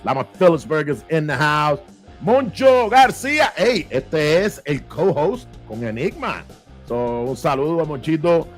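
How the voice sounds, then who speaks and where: Energetic man hosting a livestream. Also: a little high, normal speed, soft background music. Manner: lively, shout-outs to viewers, mixes in Spanish phrases. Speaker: show host. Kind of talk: casual livestream chat.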